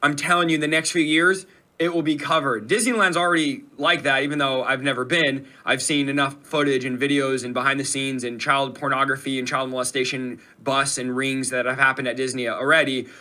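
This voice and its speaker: A man's voice: mid-range voice, flat delivery, fairly quick, sharp tone. A man hosting a commentary show, talking emphatically and indignantly straight to his viewers. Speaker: host. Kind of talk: commentary on played clips.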